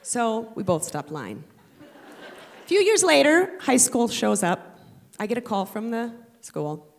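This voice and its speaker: A middle-aged woman tells a comic story in an animated, self-mocking way. Her voice sits high and swings widely in pitch. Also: a little slow, gravelly, big-room sound.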